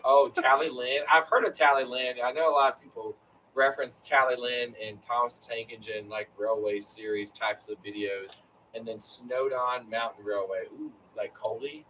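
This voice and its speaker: A man's voice: mid-range voice, fairly even intonation, normal speed, pushed and bright, far from the mic, slight background noise, rough recording. A man chatting casually on a live stream, rambling with lots of fillers. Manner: rambling, filler-heavy storytelling. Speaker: co-host of a live chat. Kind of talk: casual chat.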